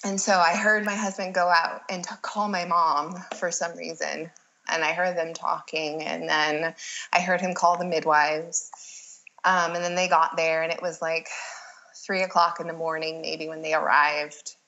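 Animated woman telling her birth story. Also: fairly low pitch, normal speed, muffled recording. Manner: lively, acts out her own past lines, frequent "like". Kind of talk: casual storytelling.

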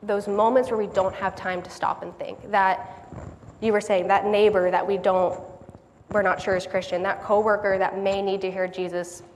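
A woman giving a sermon in a church hall, earnest and quick to laugh at herself. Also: medium pitch, level tone, slight background noise. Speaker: lay speaker giving a church message. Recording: long hall reverb, faint background ambience.

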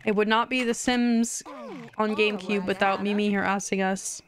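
A woman's voice: mid-range voice, moderate pace. A young woman live-streaming a video game, chatting and giggling as she reacts to what happens on screen. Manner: excited squeals at wins.

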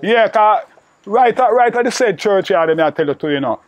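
A man's voice: high voice, lively intonation, a little fast. Older Jamaican man, patois storyteller. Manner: repetitive, peppered with "you know". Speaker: interviewee recalling old friend. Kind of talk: rambling oral storytelling.

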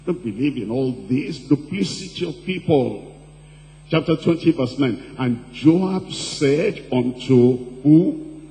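A man preaching a sermon as pastor, asking the congregation questions and reading scripture slowly and deliberately. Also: mid-range voice, animated, creaky, mellow. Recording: distant-sounding hall recording with faint hum.

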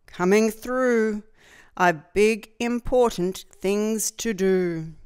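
A woman voicing a bossy, proud male dump truck in a children's storybook, speaking slowly and with emphasis. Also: medium pitch, a little mellow, clean tone.

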